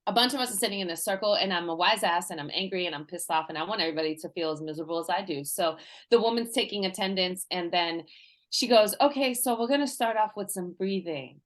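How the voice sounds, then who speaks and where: A woman's voice: fairly low pitch, fast talker, fairly bright tone. A woman in her forties, a guest coach, telling personal stories in a casual interview, laughing often and acting out the voices of people she quotes. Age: 40s.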